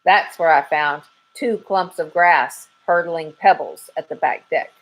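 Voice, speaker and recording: A woman teacher reads a children's storybook aloud with a soft, expressive touch. Her voice sits fairly low for a woman. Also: measured pace, a little hiss or hum, poor audio. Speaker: 3rd grade teacher.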